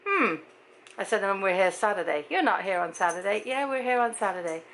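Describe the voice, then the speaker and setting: A woman's voice: mid-range voice, fast talker, fairly bright tone, rough recording. A middle-aged British woman vlogging in a casual, chatty way, telling stories and acting out both sides of each conversation, sounding tired. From Britain. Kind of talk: casual chat to camera.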